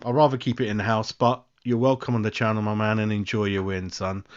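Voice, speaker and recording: A man's voice: lowish voice, level tone, brisk, smooth. A man hosting a football fan live stream, chatting with viewers and often calling them "mate". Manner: chatty, addresses viewers directly, frequent "mate". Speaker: football fan channel host. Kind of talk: casual live-stream chat. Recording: muffled lo-fi audio.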